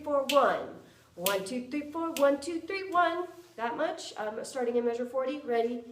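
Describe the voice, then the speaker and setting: In a music lesson, a woman teaching flute counts beats out loud and sings articulation syllables to demonstrate. Her high voice comes from a distance in an echoey room, with slight background noise and flute playing.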